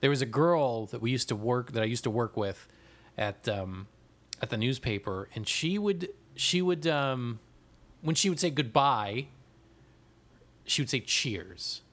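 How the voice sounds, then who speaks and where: A man's voice: mid-range voice, measured pace. A man with a nasal Midwestern accent co-hosting a podcast in casual, swearing banter. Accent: American Midwestern. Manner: animated, swearing, laughing. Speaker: podcast co-host.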